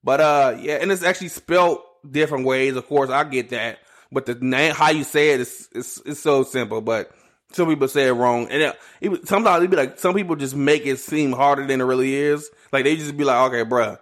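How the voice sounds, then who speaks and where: A man's voice: medium pitch, a little fast, a bit bright. A young man hosting a casual solo podcast, rambling through a history story with many restarts and side notes. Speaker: podcast host.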